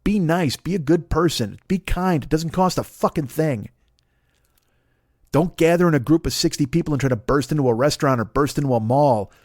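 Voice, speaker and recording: A man's voice: a little high, a little fast, a little mellow, no room sound, clean studio sound. A man in his forties, a comedian hosting his own show, ranting with heavy swearing and mocking voices. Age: 40s. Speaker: comedian podcast host. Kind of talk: profane comedic rant.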